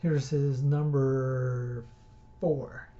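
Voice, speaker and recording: A man's voice: mid-range voice, flat delivery, drawn-out words, warm tone, lo-fi sound. A man hosting a show who gives casual religious commentary, blunt and exhorting, rambling with restarts.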